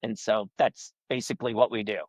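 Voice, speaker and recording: A man's voice: lowish voice, brisk, no echo. A middle-aged man, telling stories in a casual podcast interview and acting out the people he quotes. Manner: rambling, animated storyteller who acts out quoted people in a raised voice. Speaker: guest comedian and balloon artist.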